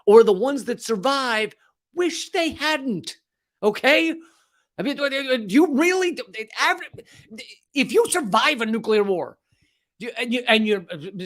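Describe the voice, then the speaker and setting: A man's voice: high-pitched, a bit bright. A man hosting a comedic political commentary show, sarcastic and profane, acting out silly voices as he rants. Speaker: host.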